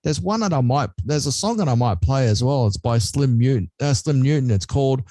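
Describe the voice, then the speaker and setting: An Australian man co-hosting a casual chat, relaxed and rambling. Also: mid-range voice, brisk, no room sound. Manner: relaxed and rambling, with many restarts. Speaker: co-host.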